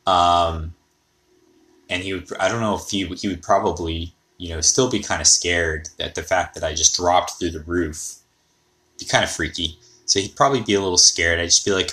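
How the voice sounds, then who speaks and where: A man's voice: deep voice, normal speed, sharp tone. A man hosting a podcast, rambling and thinking aloud in a casual monologue. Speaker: podcast host.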